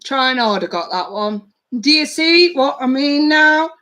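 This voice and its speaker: Woman doing tarot on a livestream, higher voice, blunt and chatty, swears a lot. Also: lively intonation, a little slow, pushed and bright. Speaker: tarot reader. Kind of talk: live-stream tarot reading.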